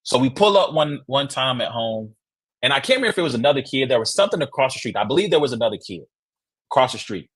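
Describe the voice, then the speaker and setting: Husky, animated man telling a story. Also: medium pitch, quick pace. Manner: excitable, acts out quotes with loud shouts; conversational, rhetorical asides like "right?". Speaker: sports podcast host. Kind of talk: casual sports reaction and storytelling.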